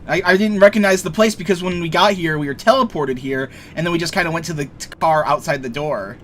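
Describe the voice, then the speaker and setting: A man's voice: on the high side, fast, fairly bright tone, slight background noise. A young man casually commenting on a game he plays, rambling, joking and swearing freely. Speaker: let's play streamer.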